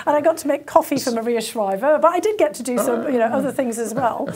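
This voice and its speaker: A woman in her fifties from England, telling animated stories as an interview guest, laughing often and using many fillers. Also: on the high side, fast, few pauses, a crowd in the background. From County Durham, northern England. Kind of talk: conversational interview storytelling.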